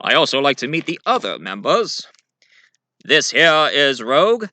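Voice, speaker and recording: A man's voice: medium pitch, sing-song, a little slow, bright, forceful tone, dry recording, voice pushed up. A man voicing an older male mutant school leader who talks formally while introducing his team in a fan-made audio drama. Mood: eager.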